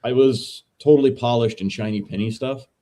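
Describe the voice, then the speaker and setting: A man, a veteran and podcast co-host, casually telling a story as a guest in a relaxed, profane, dude-heavy way. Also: medium pitch, normal speed. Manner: laid-back, profane, says dude a lot.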